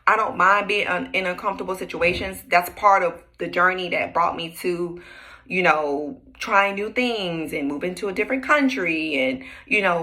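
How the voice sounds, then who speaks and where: A woman's voice: on the low side, pushed and bright. A young adult woman giving an emphatic, preachy spiritual talk in a casual, repetitive way. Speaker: spiritual vlogger. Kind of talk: inspirational monologue.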